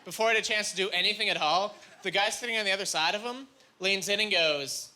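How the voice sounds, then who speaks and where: A man from Canada doing stand-up comedy, rambling through self-deprecating stories with quick asides, recorded live. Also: high-pitched, very noisy. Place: comedy stage before a live audience. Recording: live club recording with loud crowd.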